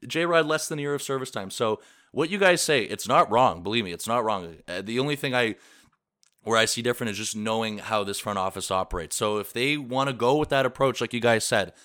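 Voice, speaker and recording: A man's voice: medium pitch, a bit bright, no echo, clean studio sound. A man co-hosting a casual sports chat, talking earnestly and reassuringly.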